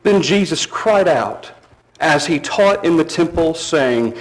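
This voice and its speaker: Male preacher, slightly high pitch; emphatic sermon delivery, slows for stress, drops low at phrase ends. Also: animated, rough recording.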